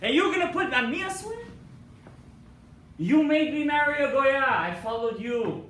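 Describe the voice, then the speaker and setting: A shrill, raised voice of a tormented dead man's soul, as a preacher puts it on, accusing and begging by turns. It rings loud and high in an echoey hall, picked up from a distance. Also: animated, normal speed, a little hiss or hum.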